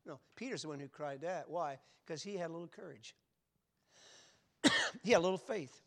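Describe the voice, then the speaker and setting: An older male pastor delivers a sermon in a fairly high voice. He presses the listeners with earnest questions, rising loud for emphasis and dropping quiet when he reflects. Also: lively intonation, normal speed.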